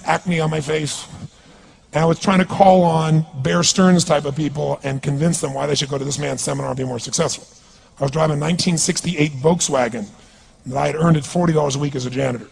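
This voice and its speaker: A man's voice: fairly high pitch, vocal fry, a little mellow, slight background noise. A man giving an intense, commanding motivational speech on stage and calling for responses from the audience. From California. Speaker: motivational speaker.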